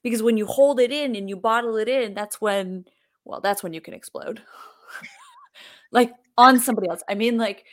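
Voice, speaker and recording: A woman's voice: on the high side, normal speed. A woman hosting a casual podcast chat, talking in a relatable, conversational way and often saying "like.". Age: adult with children. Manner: conversational, relatable, lots of fillers like "like".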